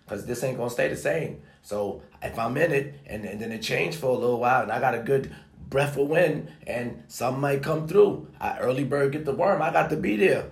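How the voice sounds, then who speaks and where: Gravelly-voiced man, emphatic and foul-mouthed preacher of self-worth, roomy echo. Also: medium pitch, a little fast, hardly any pauses. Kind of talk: motivational rant. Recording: echoey room.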